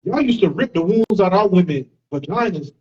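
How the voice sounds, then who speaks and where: Husky guy, kinda high voice, rambling and cussing through a story, dull lo-fi sound. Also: lively intonation, a little fast, mellow. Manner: blunt, profane, rambling. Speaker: class member. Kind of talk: casual storytelling. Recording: dull lo-fi recording.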